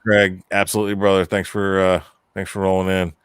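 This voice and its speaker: Deep-voiced man on a dry mic. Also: completely flat delivery, brisk, clear, resonant tone, dry recording. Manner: profane, joking, reads viewer comments aloud. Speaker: podcast co-host. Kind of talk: casual live-stream chat.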